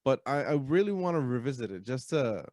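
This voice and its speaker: A man co-hosting a podcast, chatting casually and easygoingly, mostly in short replies with halting restarts. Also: mid-range voice, very animated, darkish tone, no room sound, studio quality. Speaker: podcast co-host. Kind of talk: casual chat.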